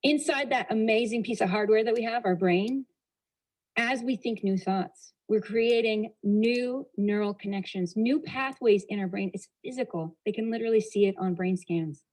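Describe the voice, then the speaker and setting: A woman's voice: medium pitch, moderate pace, darkish tone, low-quality recording. A woman giving a motivational talk as a storyteller, acting out dialogue and asking the audience rhetorical questions. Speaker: motivational speaker.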